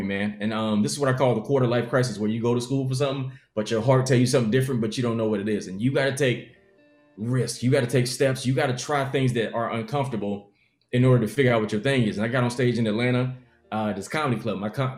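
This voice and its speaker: A man's voice: medium pitch, rapid-fire, roomy sound, soft background music. A young adult man, a comedian, telling his life story in an interview and acting out the people in it. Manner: animated storyteller acting out quotes.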